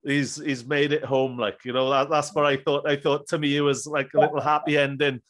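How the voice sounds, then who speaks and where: Higher-voiced male podcast host. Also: little pitch movement, brisk, fairly bright tone. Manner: friendly, encouraging short replies. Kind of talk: casual interview chat.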